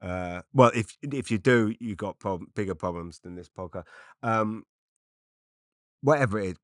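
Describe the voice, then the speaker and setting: A man's voice: lowish voice, normal speed, a bit bright, no room sound, studio quality. A middle-aged man from Britain, a comedian rambling through an unscripted solo podcast with lots of fillers and restarts, self-deprecating.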